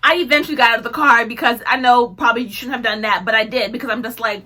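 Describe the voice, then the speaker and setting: A young woman vlogger telling a personal story to camera in a casual, animated way, acting out what she said. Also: fairly high pitch, quick pace, few pauses. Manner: animated, acts out her own lines with laughs.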